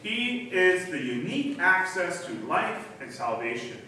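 High, bright-voiced pastor in an echoing church. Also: male voice, sing-song, a little slow, a little hiss or hum. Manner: teaching, conversational with fillers. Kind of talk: sermon. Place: church sanctuary. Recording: echoey hall, distant mic.

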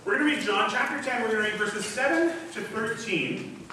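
A man's voice: very high-pitched, fairly quick, background noise. A man preaching a sermon as pastor in a church, teaching in a conversational way with some fillers. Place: church sanctuary. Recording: echoey hall, distant mic.

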